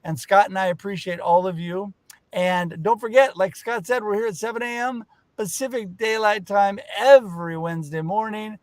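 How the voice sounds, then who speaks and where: A man with a fairly high voice hosts a live online show from a video call. He speaks in an upbeat, effusive way. The sound is dry and close. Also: steady tone, normal speed, no room sound. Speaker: co-host. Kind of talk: casual live show chat.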